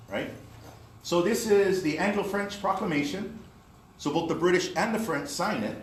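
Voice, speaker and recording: A man giving a history lecture to a live audience, explaining step by step and often checking in with "right?" and "okay?". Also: on the high side. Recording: echoey room with faint noise.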